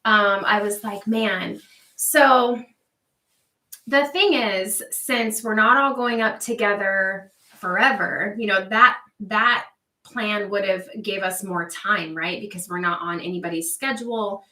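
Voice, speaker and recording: A woman's voice: medium pitch, slow pace, bright, forceful tone, distant mic. Chatty woman livestream host, echoey room. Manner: chatty, answering viewer comments by name. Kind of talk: casual livestream chat. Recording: echoey room, voice a bit off-mic.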